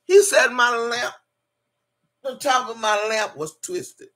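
A woman's voice: on the high side, takes it slowly, fairly bright tone. An older woman in a casual vlog rant, profane and mocking, breaking into laughter often. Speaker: vlogger.

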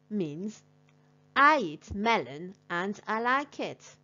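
A woman leads a language lesson for a class, her voice swinging up and down with lively energy. She speaks very slowly and deliberately, encouraging the class as she goes. The recording sounds a little dull and lo-fi. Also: mid-range voice. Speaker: language teacher.

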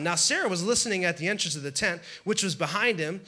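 Male pastor, sermon; high, sharp voice, chatty and jokey, acts out stories. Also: animated, fast talker. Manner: conversational, humorous, acts out scenes.

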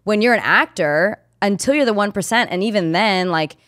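A woman's voice: mid-range voice, normal speed, a bit bright, no echo, studio quality. A woman in her twenties, a podcast guest chatting casually, candid and swearing freely as she rambles. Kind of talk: casual chat.

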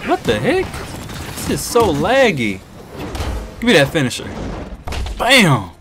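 A man giving excitable live commentary while playing a video game, trash-talking and whooping at the action. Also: on the high side, slow pace. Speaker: gaming YouTuber. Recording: game music playing behind.

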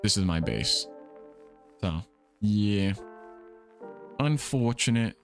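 A man's voice: fairly low pitch, animated, slow. A young man hosting a game livestream, talking casually and rambling, often restarting and repeating his words. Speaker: livestream gamer host. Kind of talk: casual livestream chat while playing. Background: soft background music.

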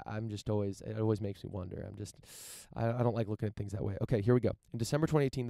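A man from the United States commenting casually on news and reading passages aloud, halting and repeating words as he searches for his point. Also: fairly low pitch, dark tone, dry recording, studio quality. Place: outdoors in front of a mansion.

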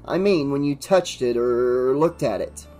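A man's voice: mid-range voice, measured pace, dark tone, soft background music, lightly acted. A man doing a nervous, earnest young guy. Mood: anxious. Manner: earnest, worried, pleading.

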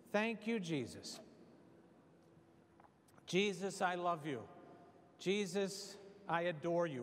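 A man in his sixties, a priest giving a folksy, joking homily. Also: high-pitched. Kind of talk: humorous homily. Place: church hall. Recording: long hall reverb.

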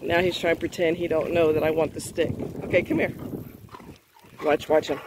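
A woman's voice: sits low, little pitch movement, moderate pace, background noise. A woman chatting casually to her viewers outdoors by a lake, coaxing and praising her dog. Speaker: vlogger. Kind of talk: casual vlog commentary.

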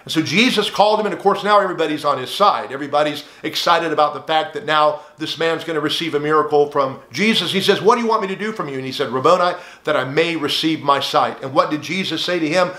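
Man, sermon, earnest preaching, high bright voice, echoey room. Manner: earnest preaching, addresses listener as friend. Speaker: pastor.

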